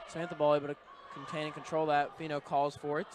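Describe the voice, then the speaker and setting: A man's voice: on the high side, little pitch movement. Young man calling volleyball in a noisy gym. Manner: brisk, conversational play-by-play calling. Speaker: play-by-play commentator. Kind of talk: live volleyball commentary. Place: indoor college gym. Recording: noisy gym broadcast audio. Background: gym noise with bouncing balls.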